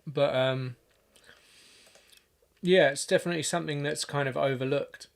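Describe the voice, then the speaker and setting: A man producing music on a livestream, talking casually and haltingly, thinking aloud with lots of fillers and restarts. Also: fairly high pitch, fairly even intonation, vocal fry. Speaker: music producer streaming a session.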